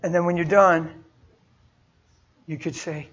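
A man's voice: on the high side, steady tone, slow pace, fairly bright tone. A male preacher giving a sermon in a folksy storytelling way, acting out everyday conversations. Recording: dull lo-fi recording.

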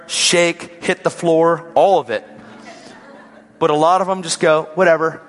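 A man preaching a sermon, telling a story with lively swings between loud and hushed. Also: a little high, unhurried, big-room sound, soft background music.

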